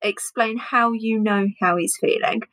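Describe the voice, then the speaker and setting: A woman teacher explaining a reading comprehension task to primary pupils, chatty with pauses and fillers. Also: on the high side, steady tone, a bit bright, poor audio. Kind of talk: home learning reading lesson.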